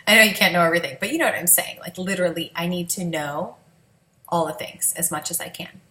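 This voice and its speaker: A woman's voice: fairly low pitch, fairly even intonation, fast, bright, forceful tone, reverberant, a little hiss or hum, low-quality recording. A woman, a mother, telling her family's story in a candid, emotional, conversational vlog.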